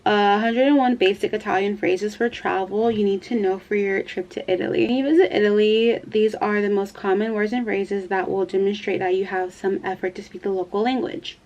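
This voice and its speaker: A woman's voice: medium pitch, fairly even intonation, a little fast, few pauses, darkish tone, lo-fi sound. Chatty giggly young woman vlogging. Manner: chatty and giggly, full of "like" fillers. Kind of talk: casual chat to camera.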